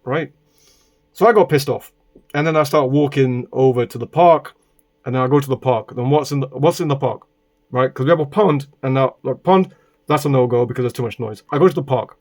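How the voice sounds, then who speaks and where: A man's voice: mid-range voice, a little fast, darkish tone. Rambling British-raised man telling a story. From Britain. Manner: rambling, frequent "right?" tags, exasperated asides. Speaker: vlogger. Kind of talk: casual storytelling monologue. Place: indoors.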